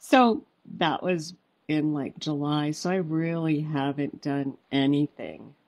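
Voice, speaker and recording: A woman's voice: sits low, slow pace, dry recording. A woman guest author on a podcast, telling heartfelt personal stories and acting out what family members said. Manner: warm, heartfelt storytelling with quoted dialogue. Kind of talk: podcast interview storytelling.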